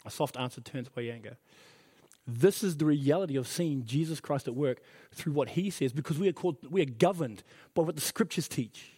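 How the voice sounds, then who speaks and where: A man's voice: medium pitch, a little mellow, slightly rough. A middle-aged man preaching a sermon as pastor, earnest and emphatic, repeating his key phrases. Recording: reverberant hall.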